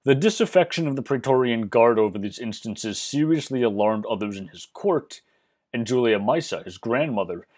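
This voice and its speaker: A man narrating a history lesson, measured and explanatory with dry, wry asides. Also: mid-range voice, animated, a little mellow. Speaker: history channel host.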